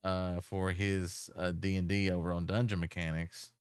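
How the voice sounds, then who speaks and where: A man's voice: level tone, normal speed, smooth, no room sound. Dry-voiced joking man co-host. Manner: joking, teasing, laughs often, voice jumps high when amused. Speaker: podcast co-host. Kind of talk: casual comedic chat.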